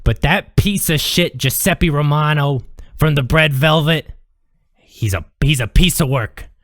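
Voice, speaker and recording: A man's voice: a little high, a little slow, fairly bright tone, dry recording, clean studio sound. A man putting on a brassy diner waitress lady. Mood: gossipy. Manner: folksy, pushy, calls everyone sweet cheeks. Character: brash middle-aged woman diner waitress.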